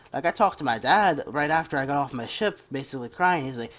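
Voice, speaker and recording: A man's voice: medium pitch, lively intonation, quick pace, hardly any pauses, a bit bright. A young man telling a long story in a casual, rambling way as a gaming commentator. He vents his frustration and curses now and then. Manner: rambling, venting, casual cursing. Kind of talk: casual storytime over gameplay.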